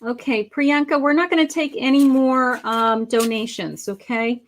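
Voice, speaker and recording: A middle-aged woman with a fairly high voice gives a live psychic reading, her words drifting through fillers and restarts. She sounds a little worn, as if her voice is going, and calls her listeners honey and sweetheart. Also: unhurried. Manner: soft-spoken, meandering, with many fillers and restarts. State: losing her voice. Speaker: psychic medium livestream host.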